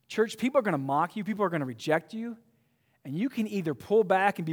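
A man's voice: high-pitched, lively intonation, quick pace, big-room sound. A man preaching a sermon as pastor, emphatic and often restarting his phrases.

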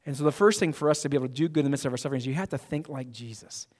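A man's voice: mid-range voice, rapid-fire, darkish tone, big-room sound. A male pastor delivering a sermon to his church in an emphatic, conversational way, often restarting his sentences. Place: church sanctuary.

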